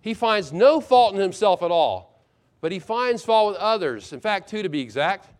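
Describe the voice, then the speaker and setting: A middle-aged man, a pastor, preaching a sermon with expressive delivery, acting out quoted lines and swinging between loud and hushed moments. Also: high-pitched, normal speed.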